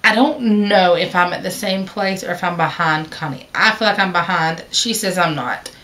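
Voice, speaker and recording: At a moderate pace, a woman with a fairly low pitch and a bright, forceful tone talks casually to the camera about her stitching. She rambles chattily, using fillers, correcting herself and restarting sentences, all while she has hiccups.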